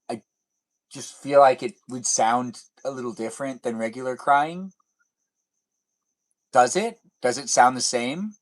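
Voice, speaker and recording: A young man live streaming, chatting casually and teasing viewers as he reads their comments. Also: mid-range voice. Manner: playful, teasing, rambling.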